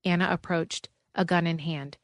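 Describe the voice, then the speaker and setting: Low-voiced woman narrating an audiobook. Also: steady tone, moderate pace, no room sound, clean studio sound.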